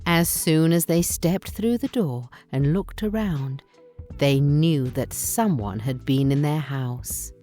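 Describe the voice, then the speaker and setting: A woman narrating a bedtime story in a slow, gentle, expressive reading. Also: low voice, faint music behind.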